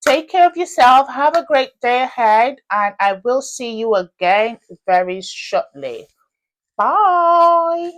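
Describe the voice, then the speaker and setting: A woman's voice: fairly high pitch, lively intonation, unhurried, few pauses. A woman hosting a casual chat show, quizzing her guest playfully and signing off to viewers. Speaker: host.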